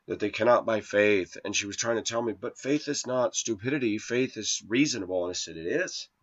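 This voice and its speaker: A male vlogger in his forties, with a voice on the low side, tells his viewers a rambling personal story in an indignant, preachy tone. The recording is muffled.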